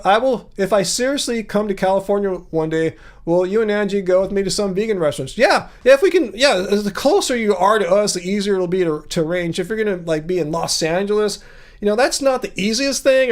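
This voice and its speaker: This livestream host, a man in his 50s, talks fast during a casual stream from his home music studio. His sing-song baritone springs high to put stress on words.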